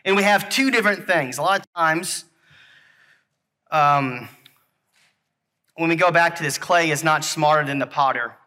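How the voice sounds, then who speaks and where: A man preaching a sermon, earnest and halting, often repeating himself and speaking to the children in the congregation. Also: a little high, pushed and bright. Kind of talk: sermon with object lesson.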